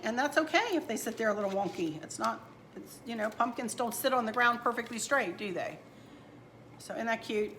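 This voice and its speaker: Her voice sits at medium pitch with a slightly bright quality, and there's a little background noise. This middle-aged home decor host chats in a homey way from inside her house, addressing viewers as y'all as she walks through fall decor and crafts.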